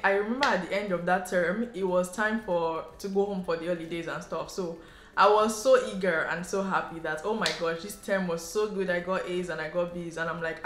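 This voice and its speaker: A woman from Nigeria with a Nigerian English accent, telling a story to camera in a chatty, animated way and sprinkling in local slang. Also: lowish voice, normal speed. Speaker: vlogger. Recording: roomy echo, faint background music.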